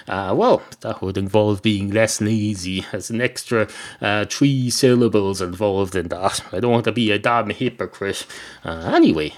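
A man telling a rambling improvised comic story on a podcast, deadpan and digressive with many fillers. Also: lowish voice, moderate pace.

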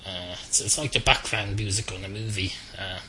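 Rambling, low-voiced man hosting a podcast. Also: normal speed, sharp tone, a little hiss or hum, low-quality recording. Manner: dry, rambling and self-mocking, full of uh fillers and restarts. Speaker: podcast host. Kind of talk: rambling solo podcast monologue. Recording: music clearly heard behind the voice. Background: background music.

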